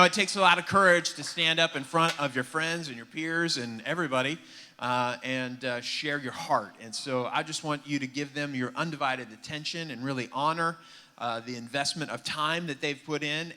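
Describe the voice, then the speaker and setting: A man's voice: mid-range voice, moderate pace, bright, forceful tone. A man introducing speakers at a church youth service in an upbeat, encouraging way. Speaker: youth pastor. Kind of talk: casual stage introduction.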